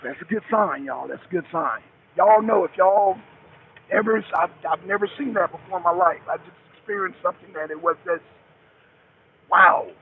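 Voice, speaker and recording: A man's voice: sits high, moderate pace. A middle-aged man, a truck driver, calling into a talk show, rambling and repeating himself, cursing heavily as he talks. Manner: rambling, repetitive, heavy cursing. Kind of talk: call-in talk show chat. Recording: tinny phone line with faint hiss.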